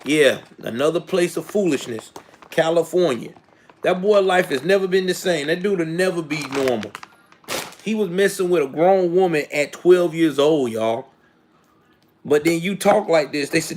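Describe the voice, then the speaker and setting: A man in his late thirties hosting a live commentary show, speaking in a somewhat high voice. He rants in casual, slangy talk straight to his viewers, often rising into indignant outbursts. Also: moderate pace, slight background noise. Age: late 30s.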